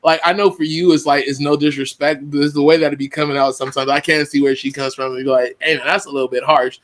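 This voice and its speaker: A man's voice: a little high, flat delivery, fast talker. A man in a casual podcast chat who talks with a sarcastic edge and laughs easily.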